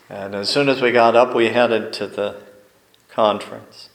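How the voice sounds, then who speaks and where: A male pastor giving a sermon, telling folksy stories with deliberate pauses. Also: on the low side, fairly even intonation, vocal fry, reverberant, poor audio. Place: church sanctuary.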